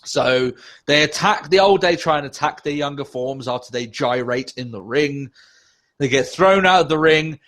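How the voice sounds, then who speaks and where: A man's voice: fairly high pitch, normal speed, fairly bright tone. A man co-hosting a casual podcast, ranting with lots of swearing and sarcasm. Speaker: podcast co-host.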